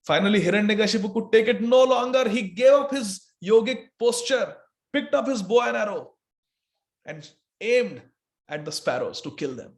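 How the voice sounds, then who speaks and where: Male preacher, high voice, lively dramatic storyteller in a scripture class. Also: normal speed.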